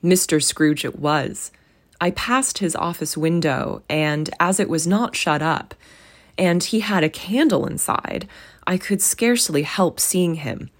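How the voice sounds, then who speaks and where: A woman reading a gentle husband, soft, conversational, low voice, storybook. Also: unhurried. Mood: fond, musing.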